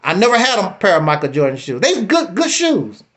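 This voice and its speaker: A man telling his own story on a live stream, animated and repeating himself, then bluntly challenging the other speaker. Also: high-pitched, a little fast.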